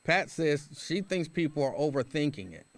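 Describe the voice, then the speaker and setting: A man's voice: a little high, big pitch swings, normal speed. A man hosting a radio talk show, reading listener comments and giving his opinions in a casual, conversational way. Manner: conversational, opinionated, with frequent restarts.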